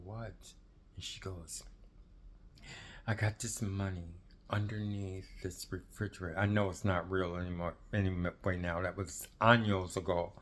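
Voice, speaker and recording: Middle-aged guy, kinda low voice, rambling confiding storytelling, goes almost whispery sometimes. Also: moderate pace, a little hiss or hum. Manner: rambling, confiding, drops to near whisper at times. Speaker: ex-Jehovah's Witness telling his story. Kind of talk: casual personal storytelling.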